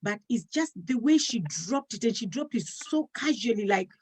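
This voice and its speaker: A woman's voice: on the high side, lively intonation, moderate pace, darkish tone, slightly rough. Earnest storytelling woman host. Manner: earnest storytelling, acting out quoted dialogue. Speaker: talk show host. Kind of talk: casual talk show conversation.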